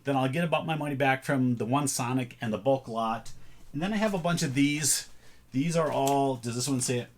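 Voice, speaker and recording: A man casually chatting through a thrift haul, thinking aloud as he sorts items. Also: mid-range voice. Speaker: reseller showing a thrift haul. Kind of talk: casual vlog chat.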